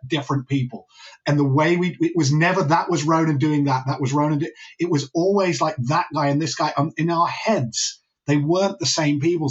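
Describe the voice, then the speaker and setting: A man directing a film tells lively behind-the-scenes stories in an interview, often restarting his sentences. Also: a little high, lo-fi sound. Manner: enthusiastic storyteller, many restarts. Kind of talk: podcast interview anecdote.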